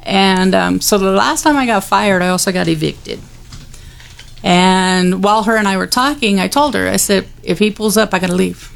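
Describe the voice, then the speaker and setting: A woman with a gravelly, fry-laced voice tells her personal testimony in a candid, conversational way. Her delivery is wry and unguarded, with a mid-range pitch. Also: moderate pace. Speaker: guest sharing her testimony.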